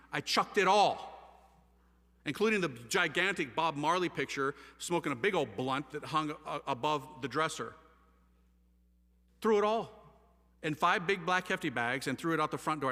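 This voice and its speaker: A man with a bright, fairly high voice tells his story with lively energy, slipping into casual slang as he acts out both sides of a conversation. His voice rings with the long reverb of a large hall. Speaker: speaker giving his testimony. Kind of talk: animated storytelling talk.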